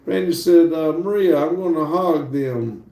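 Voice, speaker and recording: A man's voice: a little high, unhurried. A man hosting a casual live stream, chatting and reading viewer messages aloud with easy laughs. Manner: relaxed, chatty, laughs easily. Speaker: livestream host. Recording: roomy sound from a distant mic.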